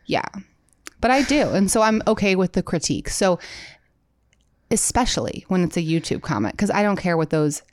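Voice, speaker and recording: A woman in her thirties with a Midwestern American accent, co-hosting a casual chat and telling animated stories with frequent laughs. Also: on the low side, normal speed, dry recording, studio quality. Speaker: podcast co-host.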